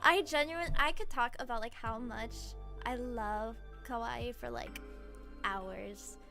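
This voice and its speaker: A young adult woman streamer chatting casually with her chat, gushing and giggling often, swinging from soft mumbles to shrieks. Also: a little high, slow pace, soft background music. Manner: gushing, giggly, frequent laughter.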